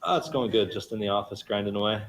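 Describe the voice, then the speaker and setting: A man's voice: lowish voice, fast, a little hiss or hum, poor audio. A man calling in from an office to ask a question, hesitant and full of fillers. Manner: hesitant, lots of "like". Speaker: caller asking a question. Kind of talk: casual voice chat.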